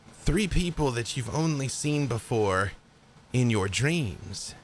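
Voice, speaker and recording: A man's voice: medium pitch, fairly bright tone. A man narrating a tabletop game as game master in a laid-back way, with fillers.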